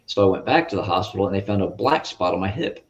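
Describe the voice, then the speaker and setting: Guest man, low-pitched, earnest and halting, on a dull lo-fi video call line. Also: expressive. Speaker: interview guest. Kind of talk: personal faith testimony. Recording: muffled lo-fi audio.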